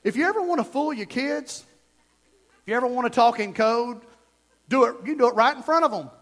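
A man preaching a fervent sermon as pastor, dropping to a hush and then rising to shouts. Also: very high voice, expressive, brisk. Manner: fervent, swings from hushed to shouting.

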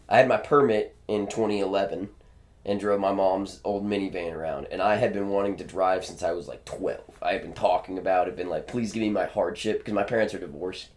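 A man's voice: lowish voice, a little mellow. A young man co-hosting a podcast, telling personal stories in a wry, easygoing way. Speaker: podcast co-host. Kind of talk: casual chat.

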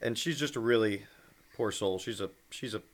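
A man's voice: lowish voice, normal speed, a little hiss or hum. A man in his twenties, a podcast co-host, telling joking stories in a laid-back, casual chat. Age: 20s.

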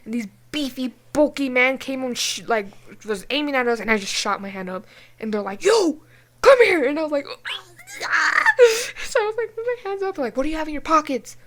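A woman's voice: high-pitched, a little fast. Young woman swearing through a story. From New Mexico. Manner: animated, swears often, many fillers. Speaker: podcast co-host. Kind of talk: casual storytelling chat.

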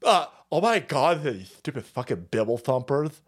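A man hosting a political talk stream, ranting with heavy profanity, frequent laughter and sudden wild jumps in pitch. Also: big pitch swings, moderate pace. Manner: loud, profane, laughs often, swings pitch wildly. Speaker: political podcast host.

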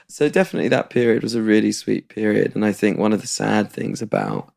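A man's voice: fairly low pitch, fast, gravelly, darkish tone. A young man speaking as a podcast guest, chatty and self-deprecating, laughing lightly through sad personal stories. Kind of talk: candid personal conversation.

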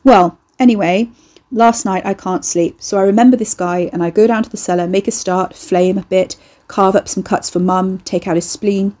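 A woman's voice: mid-range voice, steady tone, normal speed, mellow, lightly acted. A woman voicing a cocky young male eldritch horror, breezy, slangy and boastful. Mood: rambling.

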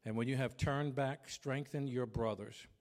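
Preaching to his congregation, this fifty-something pastor speaks loudly out of habit, in a mid-range voice at an ordinary pace. He acts out domestic quarrels with lively, animated storytelling.

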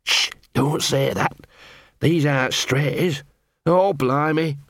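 A man's voice: a little high, slow, a bit bright, no room sound. A man voicing a small, scruffy male talking dog who is nervous and eager to please. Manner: anxious, fawning, jittery.

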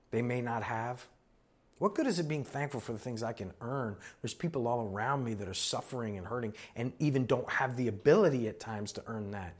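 A man's voice: mid-range voice, a bit bright. A man preaching a sermon as pastor, conversational and earnest, building to emphatic exhortations.

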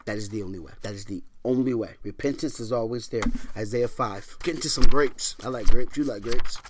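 A middle-aged male pastor preaches a sermon in a medium-pitched voice, a little fast, with background noise behind him. He swings from hushed whispers to loud, emphatic lines, repeating phrases for emphasis and quoting scripture in old-fashioned wording.

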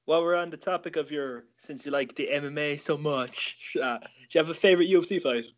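A man's voice: on the high side, fairly quick. Man, casual chat, laid-back, swears a lot, slightly dull lo-fi sound.

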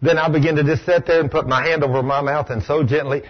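A man preaching a sermon to a live audience, telling folksy stories and dropping into a low hushed voice for quoted lines. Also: steady tone, fast talker, lo-fi sound. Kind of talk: sermon with storytelling.

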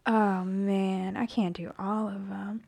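A woman's voice: medium pitch, little pitch movement, takes it slowly, gravelly, darkish tone. A woman co-hosting a book podcast, chatting casually and animatedly, swearing freely and acting out quotes. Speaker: podcast co-host.

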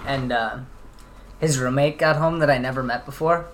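A man's voice: mid-range voice, moderate pace, slight background noise. Laughing, rambling young man. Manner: rambling storyteller, laughs often, full of "like". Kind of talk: casual chat.

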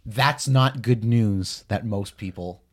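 A man's voice: lowish voice, slow. A man from Canada co-hosting a casual podcast, talking in a blunt, profane and emphatic way. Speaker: podcast co-host.

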